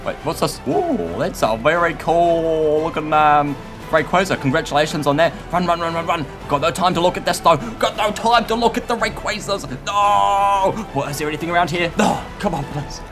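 A man commenting on his own gameplay in a frantic, excitable way, often shouting and squealing. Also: fairly high pitch, normal speed. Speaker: gaming YouTuber. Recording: light background music.

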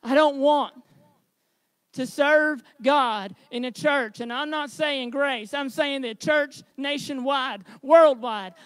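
A man preaching a sermon as pastor, with a high tenor voice, earnest and building to shouted exhortation. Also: slow pace, no room sound.

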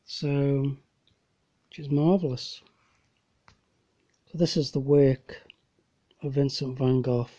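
A slow-talking man with a mellow, soft-edged voice who rambles and corrects himself as he goes. The recording is dull and lo-fi, like a simple home setup. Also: mid-range voice, steady tone. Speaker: amateur painter presenting his copies. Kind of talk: casual narrated slideshow.

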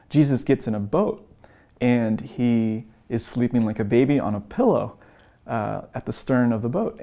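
A man of middle pitch explains and retells stories for a teaching course. He speaks earnestly and often pauses with um and uh. His voice lifts when he acts out the quoted lines. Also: gravelly, darkish tone. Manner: earnest, frequent um and uh fillers. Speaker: evangelism course instructor. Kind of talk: teaching talk with retold stories.

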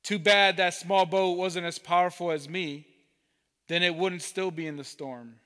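Guy doing a big proud boat yelling out, slow, echoey church. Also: high-pitched, fairly even intonation. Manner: loud and proud.

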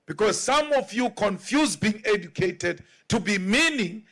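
A man in his forties with a South African accent, a party leader giving a political speech in slow, emphatic oratory that now and then rises to a shout. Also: high voice, animated. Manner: mocks others in acted quotes. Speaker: party leader addressing members.

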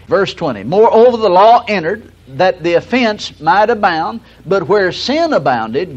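An older man, teaching a broadcast sermon in a folksy storytelling way with slow, emphatic stresses. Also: high voice. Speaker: radio Bible teacher. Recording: dull lo-fi broadcast recording.

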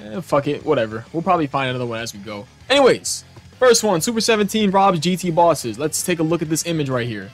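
A young man hosting a gaming channel, reacting to memes in casual, excitable commentary that is full of swearing and frequent laughter. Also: a little high, fast talker, soft background music. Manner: excitable, profane, laughs often.

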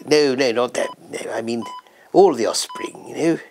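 A man's voice: medium pitch, expressive, moderate pace, a little mellow, slight background noise, natural voice. A man doing an impression of an elderly, dying prince consort who grumbles and grunts bluntly in a satirical sketch. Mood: grumbling. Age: older. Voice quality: gravelly, mumbling grunts. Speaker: impression of a royal.

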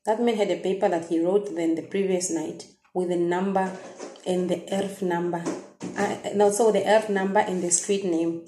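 A young woman with a Namibian accent, telling viewers a personal story in a halting, emotional way with many restarts. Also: fairly low pitch, steady tone. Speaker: vlogger. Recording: echoey room.

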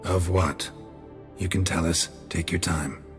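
Grim monster hunter, super deep, short flat lines. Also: male voice, measured pace, music in the background. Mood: terse. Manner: terse, flat, clipped. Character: gruff grim middle-aged monster hunter.

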